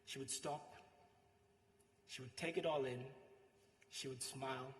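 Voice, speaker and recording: A man with a Sri Lankan accent delivering a eulogy, heartfelt and pausing, his voice trailing softly at the ends of phrases. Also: mid-range voice, fairly even intonation. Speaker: eulogist, friend and coworker. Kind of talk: eulogy speech with anecdotes. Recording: echoey hall with long reverb.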